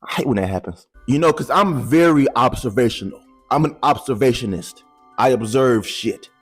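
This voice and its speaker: A man talks straight to camera in loose, slang-filled vlog commentary, tossing in cocky jokes about himself. His voice has a husky grain and sits at an ordinary middle pitch. Soft music plays underneath. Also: expressive, normal speed. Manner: slangy, joking, boastful asides. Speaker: YouTuber commentator.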